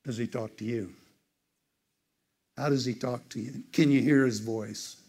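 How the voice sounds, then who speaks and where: Animated storytelling man preaching. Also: measured pace. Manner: animated storyteller, leaps into high voices for quoted people; conversational, many "it's like" asides. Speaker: teacher speaking to a church group. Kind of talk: storytelling sermon.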